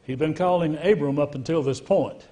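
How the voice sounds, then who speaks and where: Higher-voiced male pastor teaching a class. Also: normal speed, dark tone. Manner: explains step by step with questions to the class. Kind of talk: Bible study teaching. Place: church.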